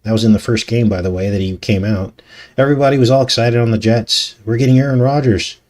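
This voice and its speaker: A man's voice: lowish voice, fairly even intonation, fast, a little mellow. A man hosting a casual live talk show, reading news articles aloud with skeptical, conversational asides. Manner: conversational, skeptical, laughs often, rhetorical asides. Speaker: channel host.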